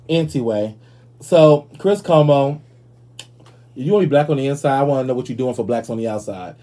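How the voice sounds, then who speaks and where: A man hosting a podcast in casual commentary, sassy and animated, swearing freely. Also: mid-range voice, quick pace, pauses often. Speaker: podcast host.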